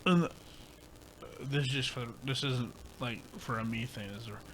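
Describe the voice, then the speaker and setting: A man's voice: mid-range voice, moderate pace, fairly bright tone, slight background noise. A young man co-hosting a podcast, telling a rambling, profane story in casual chat. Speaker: podcast co-host.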